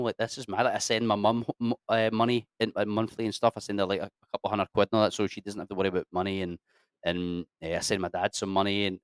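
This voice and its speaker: Scottish man, casual interview talk, sweary, lively storyteller, dry sound. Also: fairly low pitch, no room sound. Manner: sweary, animated storyteller, puts on voices for locals. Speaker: guest.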